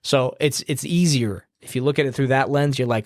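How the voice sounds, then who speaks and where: A man's voice: medium pitch, lively intonation, normal speed, no room sound, studio quality. A man hosting a podcast, giving a blunt, profane, rambling pep talk in a casual style, with a slight New Jersey edge when he gets heated. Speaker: podcast host.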